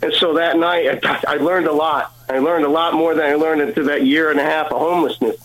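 A man speaks as a guest on a radio broadcast, telling a personal story in an earnest way. He acts out the lines of the people in it, and his voice sits a little high for a man. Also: fairly even intonation, fairly quick, fairly bright tone, rough recording. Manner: earnest storytelling, acting out dialogue. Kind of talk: personal testimony.

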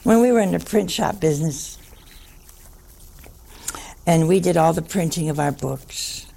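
A woman's voice: low voice, measured pace, gravelly, warm tone, breathy edge. An older woman, a nun, telling a wry anecdote to an audience. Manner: wry, anecdotal, with dry asides. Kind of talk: storytelling talk to an audience.

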